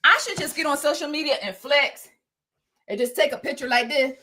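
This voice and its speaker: Woman doing her livestream, playful chatty, high bright voice. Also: fairly quick. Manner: animated, playful, chatty with viewers. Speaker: livestream host. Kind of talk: casual livestream chat.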